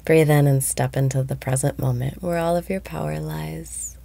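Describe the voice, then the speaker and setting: A woman guiding a meditation, speaking slowly and softly, often breathy and whispered. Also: sits low, fairly even intonation. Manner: slow, soft-spoken, often breathy and whispered. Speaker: meditation guide. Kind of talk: guided meditation.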